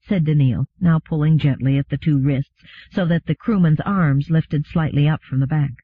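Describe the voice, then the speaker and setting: A man narrating an audiobook in a steady, even reading. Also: fairly high pitch, moderate pace, slightly rough, no echo. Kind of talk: scripted narration. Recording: phone-like narrow sound.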